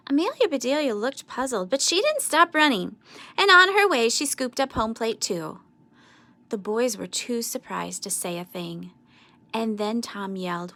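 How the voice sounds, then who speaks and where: A woman reading a children's storybook aloud with expressive, sing-song narration. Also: a little high, normal speed, no echo. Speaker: storybook reader.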